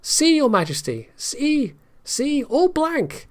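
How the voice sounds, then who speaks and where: A man's voice: very high voice, big pitch swings, slow, pitched above the performer's own voice, exaggerated voice. A man voicing a skinny, timid male monk who whines his lines in a novel reading. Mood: eager. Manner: whiny.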